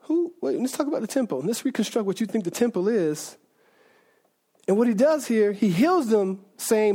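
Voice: mid-range voice, moderate pace, breathy edge. A preacher giving an informal, conversational sermon who checks in with the audience often and restarts sentences a lot. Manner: animated, conversational, keeps asking the audience "right?"; frequent restarts and self-corrections.

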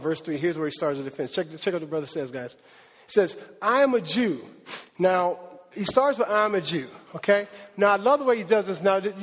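Preacher, male, high voice, slangy and animated, long hall reverb. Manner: conversational, slangy, rising to an animated pitch. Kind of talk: sermon.

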